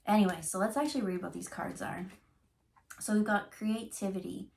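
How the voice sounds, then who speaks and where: A woman's voice: medium pitch, steady tone, normal speed, creaky, darkish tone. A woman giving a casual tarot reading, talking in a chatty, rambling way full of fillers and restarts. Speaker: tarot reader.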